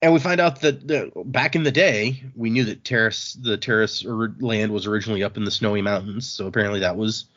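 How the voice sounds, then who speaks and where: A man's voice: on the low side, a little fast, few pauses, a bit bright, dull audio. A man hosting a podcast, casually recapping book chapters in a rambling way and paraphrasing characters with a chuckle. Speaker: podcast host.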